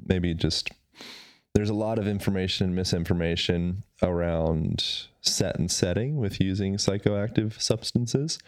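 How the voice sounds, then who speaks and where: A man with a very deep voice hosts a casual podcast interview. He asks relaxed, open questions and reacts briefly in between. His voice sounds close and dry, with no room echo. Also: a little slow. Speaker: podcast host.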